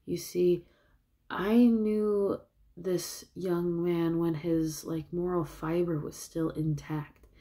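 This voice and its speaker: A woman's voice: lowish voice, steady tone, slow, dark tone. A woman casually retelling a movie plot in a rambling way, with many fillers. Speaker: vlogger.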